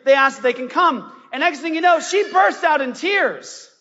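A man preaches with a very high, bright, forceful voice, telling his story with fervor. His words ring out through a long church reverb. The recording is dull and lo-fi. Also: lively intonation, moderate pace. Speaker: pastor. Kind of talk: sermon. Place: church sanctuary.

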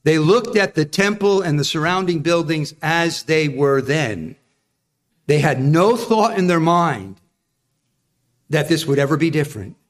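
Guy preaching a sermon, kinda high voice, acts out the quotes, keeps asking the church stuff. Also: a little slow. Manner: animated, acts out quoted voices, asks the congregation questions. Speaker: pastor.

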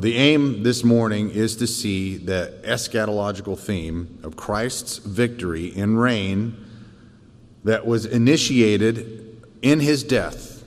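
A man teaching a church Bible lesson in a thoughtful way, often pausing on fillers and restarting. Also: fairly low pitch, in a large hall. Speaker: Sunday school teacher.

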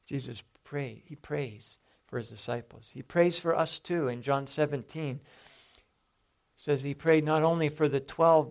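A man's voice: mid-range voice, creaky, darkish tone. A man preaching a sermon in an earnest, conversational way, often restarting his sentences.

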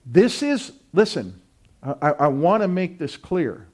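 A man pastor preaching a sermon with emphatic, drawn-out declarations while the congregation answers back. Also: on the high side, big pitch swings. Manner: emphatic preaching with call-and-response.

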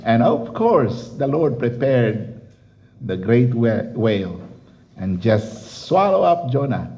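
A man's voice: mid-range voice, sing-song, slow, dark tone, highs cut off. A man preaching a sermon and reading scripture, emphatic and repetitive, often laughing.

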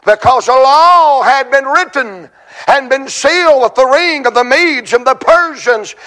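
A man preaching a sermon in church, telling a story with dramatic, shouted climaxes. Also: extremely high pitch, expressive, measured pace.

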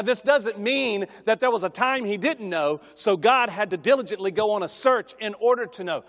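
His sermon rings through what sounds like a big sanctuary, each phrase followed by a long reverb. The guest preacher is a middle-aged man with a light, high, somewhat bright voice, whose homespun family anecdotes swell into forceful appeals.

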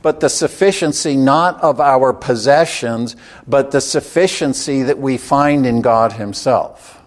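Man preaching a measured sermon. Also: medium pitch. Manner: measured, emphatic, slows on key phrases.

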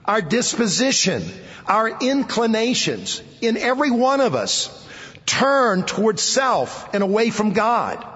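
A man preaching a sermon to a seated audience, speaking emphatically, repeating key phrases and letting his voice sink low at the ends of phrases. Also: big pitch swings, a little slow, fairly bright tone, in a large hall, dull audio. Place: hall with an audience.

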